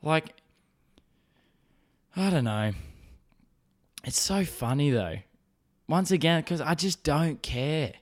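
A man's voice: fairly high pitch, animated, slow, pauses often. A young man hosting a podcast, telling a story in a rambling, profane, self-mocking way. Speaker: podcast host. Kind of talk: casual solo storytelling.

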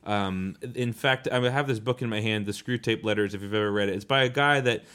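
Earnest man with a lowish voice. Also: a little fast, a bit bright, smooth. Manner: earnest and thoughtful, often searching for words. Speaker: podcast co-host. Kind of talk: reflective faith discussion.

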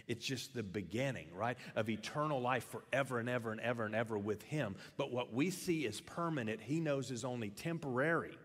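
A middle-aged man preaching a sermon as pastor, in a lively, conversational way with frequent restarts. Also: mid-range voice, a little fast, in a large hall.

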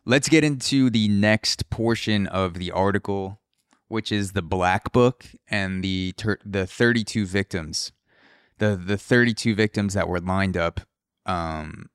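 A man talks through a casual solo podcast in a fairly low, smooth, resonant voice. He rambles, swears freely and drifts into comic tangents. The sound is close and dry, with no room around it. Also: no echo. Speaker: podcast host.

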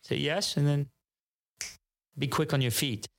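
With a fairly high, gravelly voice and a measured pace, a French-accented man from France, a native French speaker, tells a story as a podcast guest. The storytelling is casual and lively, with both sides of each conversation acted out and frequent sentence restarts.

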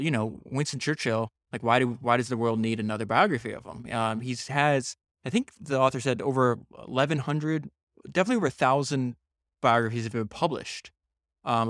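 A man's voice: medium pitch, a little fast, a bit bright, dry recording, studio quality. A man hosting a solo book podcast, speaking with enthusiasm and frequent restarts. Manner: enthusiastic, with many restarts and fillers. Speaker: podcast host.

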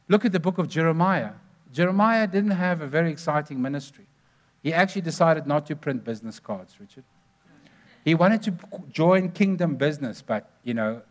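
A man preaching a sermon, telling stories earnestly and stressing numbered points. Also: on the high side.

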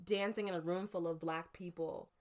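A woman from the United States telling a story in casual chat, lively and animated, acting out the voices she quotes. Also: on the low side, moderate pace.

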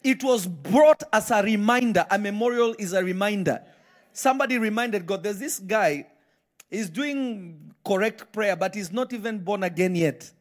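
A man's voice: high voice, moderate pace. A man preaching a live sermon in church, emphatic and firing repeated questions at the congregation. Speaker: pastor.

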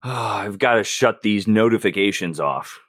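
A man's voice: fairly low pitch, animated, moderate pace, fairly bright tone, no echo, clean studio sound. A man playing a flustered, bashful young male spy in an improvised tabletop role-play.

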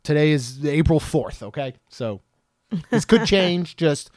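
A man's voice: a little high, expressive, measured pace, darkish tone, no echo, studio quality. A man in his thirties co-hosting a podcast, chatting casually and joking, rambling with frequent restarts. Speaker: podcast co-host.

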